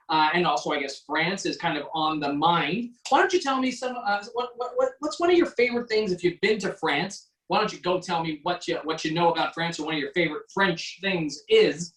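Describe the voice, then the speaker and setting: A man's voice: sits high, expressive, a little fast, hardly any pauses, a bit bright, reverberant, recorded from a distance, poor audio. A man from Quebec hosting a casual online cocktail class over a video call, joking and chatty with lots of fillers. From Quebec, Canada. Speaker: online mixology class host.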